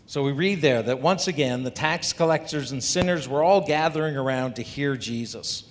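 A man preaching a sermon as a pastor, talking through scripture in a conversational way and asking the congregation rhetorical questions. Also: moderate pace. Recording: long hall reverb, faint rumble.

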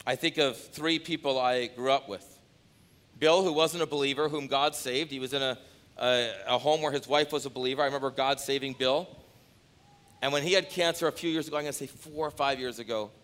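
Bright-voiced man preaching. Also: mid-range voice. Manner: builds from quiet storytelling to loud, rising pleading; repeats phrases for emphasis. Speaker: pastor. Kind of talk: sermon.

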